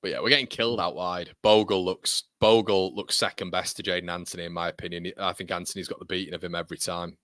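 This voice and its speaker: A man commenting live on a football match for fellow supporters, firing off quick reactions and venting exasperation with swearing. His voice is bright and forceful. The sound is dry, with little room around it. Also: sits low, level tone, dry recording. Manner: heated, exasperated ranting with swearing; rapid reactions to the action. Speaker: football fan channel host.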